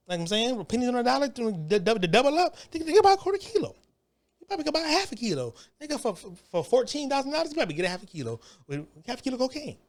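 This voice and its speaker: Heated profane ranter with lively pitch. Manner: heated, stammering repetitions, profane. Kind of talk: profane comedic rant.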